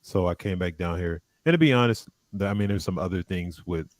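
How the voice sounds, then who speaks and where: A man's voice: low-pitched, brisk, dry recording. A man from Alabama with a slight Southern US accent, chatting casually as a guest with rambling restarts. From Alabama, USA. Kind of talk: casual chat.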